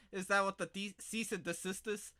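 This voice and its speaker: A man co-hosting a podcast in casual chat, joking crudely and often breaking into loud mock-shouted impressions. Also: high-pitched. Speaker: podcast co-host.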